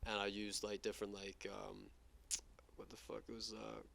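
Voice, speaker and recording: A young man from New York, a guest in a casual interview, telling stories quickly with lots of fillers and swearing. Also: lowish voice, monotone, creaky, a bit bright. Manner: rapid, profane, filler-heavy storytelling. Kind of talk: casual chat.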